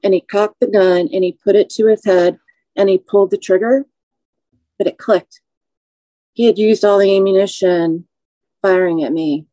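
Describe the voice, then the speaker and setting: A woman in her forties with a warm, mellow voice shares a personal testimony as a podcast guest. She speaks slowly and in measured phrases, with feeling. The sound is dry and close. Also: mid-range voice, steady tone, no room sound, poor audio. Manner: measured, slow, emotional recounting.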